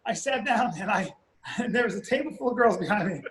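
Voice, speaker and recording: A man co-hosting a podcast, telling a story in relaxed casual chat and swearing freely. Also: high-pitched, fairly quick, echoey room. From grew up abroad, moved to America as a teen. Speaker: podcast co-host.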